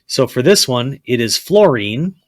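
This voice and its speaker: A man's voice: mid-range voice, very animated, a little slow, dry recording, clean studio sound. A man teaching a chemistry lesson, blunt and repetitive, often checking with "okay?" and telling students to write things down. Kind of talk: classroom lecture.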